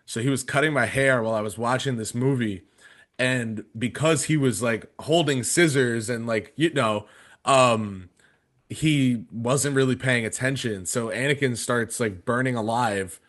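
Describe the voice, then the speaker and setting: A man's voice: medium pitch, measured pace, fairly bright tone. A man in his twenties casually telling a story on a podcast, rambling with many fillers and restarts. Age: 20s. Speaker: podcast panelist.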